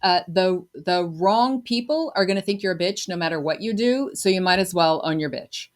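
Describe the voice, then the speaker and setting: A woman's voice: on the low side, moderate pace. A woman hosting a podcast, talking casually and frankly, with fillers and restarts. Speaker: podcast host. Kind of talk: podcast conversation.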